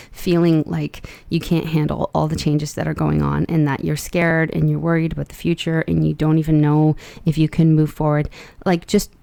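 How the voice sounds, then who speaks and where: A woman's voice: low voice, gravelly, a little mellow, dry recording. A young adult woman giving a casual, chatty tarot reading, upbeat and rambling with plenty of fillers. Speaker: tarot reader.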